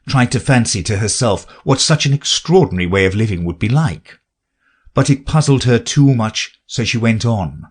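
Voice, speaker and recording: A man reading a children's classic aloud as an audiobook narrator, in an expressive storytelling manner. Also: medium pitch, moderate pace, slightly rough. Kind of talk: scripted narration.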